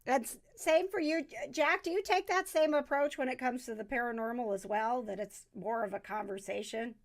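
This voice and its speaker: A woman's voice: a little high, normal speed. A woman hosting a show, chatting playfully and laughing often. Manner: giggly, playful. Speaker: host. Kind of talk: casual chat.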